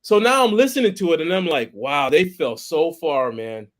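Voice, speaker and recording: A man's voice: fairly high pitch, moderate pace. A man on a casual podcast, telling a story with lots of restarts and quoted voices. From Boston, United States. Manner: animated, repeats words and restarts, acts out quoted voices. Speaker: podcast co-host.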